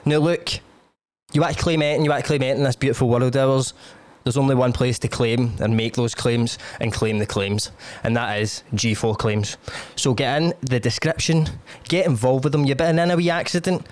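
A man's voice: medium pitch, fairly even intonation, moderate pace, no echo. A man hosting a podcast, doing a brash, joking sponsor read. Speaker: podcast host. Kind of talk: casual chat and ad read.

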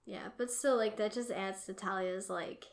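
A young woman casually chatting about a book as a podcast co-host, retelling scenes with quick voiced quotes. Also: medium pitch, steady tone, gravelly. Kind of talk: casual chat. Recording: echoey room.

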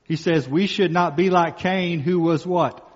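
A male pastor preaching a sermon, emphatic, slowing down and repeating key phrases for stress. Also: on the high side, fairly even intonation. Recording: muffled sound with long reverb in a hall.

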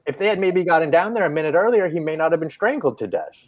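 A man's voice: fairly high pitch, expressive, fast, dull audio. A man co-hosting a podcast, retelling a film in casual, profane chat. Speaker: podcast co-host.

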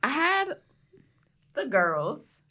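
A woman's voice: high-pitched, big pitch swings, extremely slow, bright, forceful tone. A woman co-host chatting casually, blunt and emphatic as she vents about her neighbors. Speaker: podcast co-host. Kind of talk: casual chat. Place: New York City.

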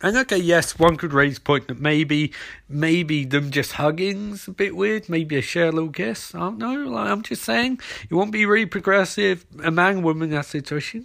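A man's voice: a little high, moderate pace, vocal fry, fairly bright tone. A man hosting a podcast, recapping in a rambling, sarcastic way and acting out the characters as he goes. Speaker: podcast host.

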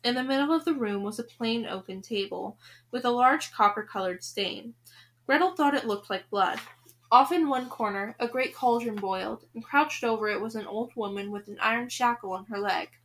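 A woman's voice: a little high, moderate pace, fairly bright tone, slight background noise. A woman hosting a podcast, reading a children's novel aloud with expression and speaking to the listener directly.

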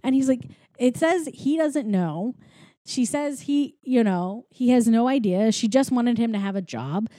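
Woman co-host, warm mellow tone, dry close sound, rambling filler-heavy storyteller. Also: a little high, lively intonation, unhurried, no echo. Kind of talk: casual chat recapping a film.

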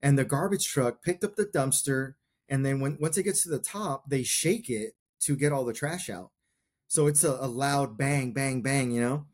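Guest: man in his forties, earnest veteran, mid-pitched, reflective storytelling. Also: moderate pace. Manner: earnest, reflective, talks in short plain clauses. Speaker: podcast guest, combat veteran. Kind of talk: personal storytelling in a conversation.

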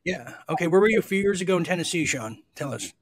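A man's voice: a little high, animated, fast talker, husky. A man hosting a call-in show, joking and stammering through casual chat. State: sweating. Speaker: host.

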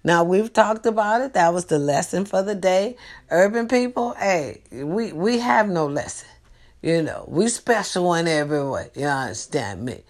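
Brief: young woman host, casual night chat, animated and teasing, streetwise tone. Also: lowish voice, moderate pace.

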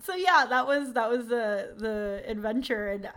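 A young woman hosting a casual podcast talks through a story with a lot of energy. Her voice is bright and sits slightly high. She leans on fillers and drops swear words freely. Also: animated, unhurried. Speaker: podcast host.

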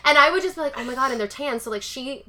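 A podcast co-host in her thirties tells a story with a high, bright voice. She is from Southern California, and she chats casually and acts out each quote with lots of "like" and "oh my God.". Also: fast, slight background noise.

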